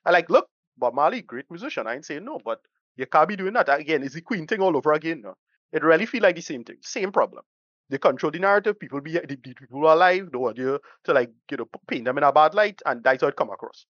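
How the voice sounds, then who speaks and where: A man's voice: on the high side, expressive, quick pace, fairly bright tone, dry recording, highs cut off. A man co-hosting a casual podcast film review, blunt and rambling, swearing freely as he delivers his verdict. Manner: blunt, rambling, swears freely, uses Caribbean-style English.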